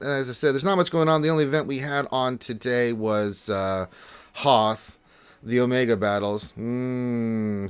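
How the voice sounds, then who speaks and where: A man's voice: mid-range voice, animated, unhurried, clear, resonant tone. A man hosting a casual gaming livestream, talking in a rambling way with lots of fillers and repeated words. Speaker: livestream host and game tester.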